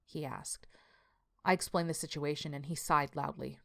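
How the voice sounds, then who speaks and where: A man's voice: a little high, fairly even intonation, moderate pace, vocal fry, sharp tone. A woman reading as a weary working man's journal. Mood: rueful. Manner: confessional, plainspoken first-person account. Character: weary male landscaper writing a journal.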